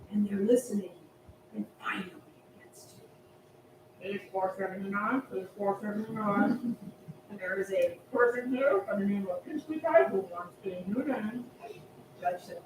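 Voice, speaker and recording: A woman telling a story at a temple family service, animated and acting out the voices. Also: fairly high pitch, a little hiss or hum. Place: temple hall. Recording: echoey hall from far off.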